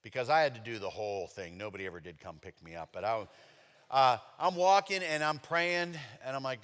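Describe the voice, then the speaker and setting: A middle-aged man delivers a sermon like he is telling a story to friends, bursting into loud, animated moments now and then. His tone is bright and forceful. The sound carries the long reverb of a church sanctuary. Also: mid-range voice, brisk, clear, resonant tone. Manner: conversational storytelling with animated outbursts. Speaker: pastor.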